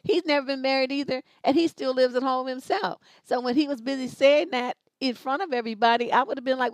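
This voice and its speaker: A woman's voice: high-pitched, quick pace, hardly any pauses, no room sound. Woman advice host, blunt and emphatic, casual, dry close sound. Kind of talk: live advice show, casual talk.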